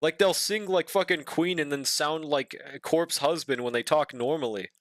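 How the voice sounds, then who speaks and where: Male streamer, higher voice, dry close sound, chatty and profane, hums while drawing. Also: normal speed, a bit bright, dry recording. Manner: joking, profane, hums to himself. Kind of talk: casual live-stream chat while drawing.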